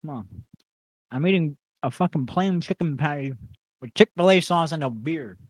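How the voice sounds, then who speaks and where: A man's voice: a little high, lively intonation, normal speed, no room sound. A young man co-hosting a podcast in casual, profane chat while eating. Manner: profane, laid-back, eating while talking. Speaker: podcast co-host.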